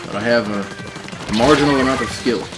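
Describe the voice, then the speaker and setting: A man doing a mild impression of a grim male action-movie hero making a deadpan threat. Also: mid-range voice, fairly quick, over music, lightly acted. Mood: mock menace. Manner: mock-menacing, deadpan.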